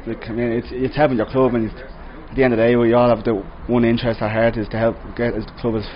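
Hesitant fan, muffled audio. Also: male voice, mid-range voice, little pitch movement, fast, slight background noise. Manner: hesitant, many fillers. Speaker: interviewed fan. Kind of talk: casual interview answers.

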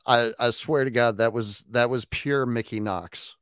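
A man's voice: mid-range voice, steady tone, a little slow, a bit bright, smooth, no echo, studio quality. A man on a casual podcast panel, insistent and emphatic as he makes his points.

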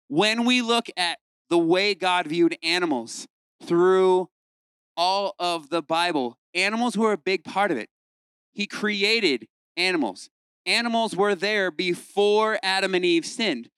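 A man's voice: high voice, measured pace, pushed and bright, clear, resonant tone, no echo. A man preaching as a pastor, conversational, stacking repeated lists to drive points home. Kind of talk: sermon.

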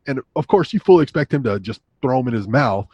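Relaxed mid-pitched man, dry close sound. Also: quick pace, breathy edge, no room sound. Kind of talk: casual movie discussion.

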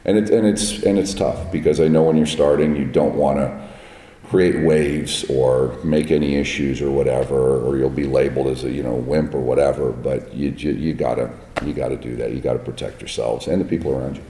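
A man with a very deep, dark, raspy voice tells blunt stories from film sets. He is recorded in an echoey hall with a long reverb tail. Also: fairly even intonation, brisk. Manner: plain-spoken, blunt, tells set stories. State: raspy from smoke on set. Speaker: guest, film makeup artist. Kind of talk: casual interview chat. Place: large echoey room at a trade event.

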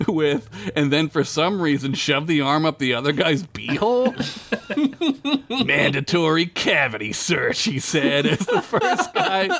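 A man's voice: fairly high pitch, a bit bright, no room sound. A man reading a crude comic fantasy story aloud on a podcast, often laughing at his own jokes.

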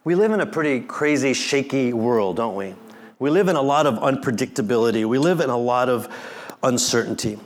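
Animated man preaching a sermon. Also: mid-range voice, brisk. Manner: animated, acts out quotes, jokes with congregation. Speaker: pastor.

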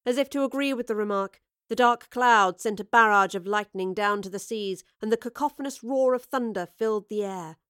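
A woman's voice: mid-range voice, normal speed, hardly any pauses, smooth, dry recording, studio quality. Woman narrating an adventure story. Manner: steady, expressive storytelling. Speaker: audiobook narrator. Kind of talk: scripted narration.

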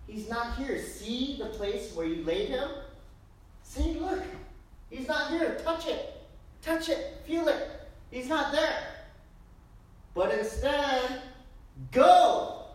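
A woman pastor preaching a sermon in a lively, joking way, full of rhetorical questions, in a church. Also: sits high, slow pace, pauses often. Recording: very echoey room, distant mic.

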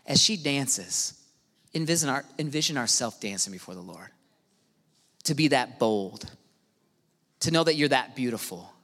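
A man preaching a sermon as pastor, animated, swinging from hushed to shouting. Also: mid-range voice, moderate pace, pauses often. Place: church auditorium. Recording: reverberant hall with music behind.

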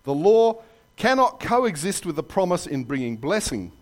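Animated man preaching a sermon. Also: sits high, moderate pace. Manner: animated storytelling with jokes and asides. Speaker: pastor. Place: church.

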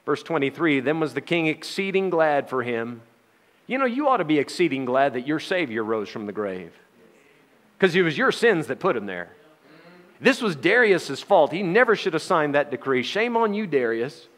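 A man's voice: fairly high pitch, sing-song, moderate pace, fairly bright tone. A man preaching a sermon in a folksy, joking manner, with frequent laughs.

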